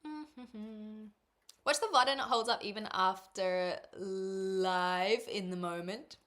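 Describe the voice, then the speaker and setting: A woman's voice: medium pitch, slow, a bit bright. A woman from New Zealand with a New Zealand accent, casually chatting on a livestream and answering her chat, meandering with dry sarcasm. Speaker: streamer.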